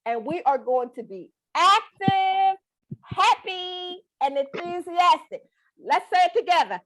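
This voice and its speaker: A woman's voice: high voice, animated, moderate pace. A middle-aged woman leading a guided breathing and laughter class over a video call, playful, folksy and coaxing. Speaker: laughter exercise instructor.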